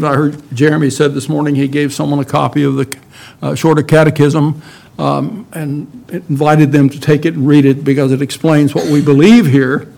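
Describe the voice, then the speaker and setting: A man preaching a sermon to his congregation, emphatic and deliberate, with many rhetorical questions. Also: fairly high pitch, vocal fry, a little mellow. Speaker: pastor.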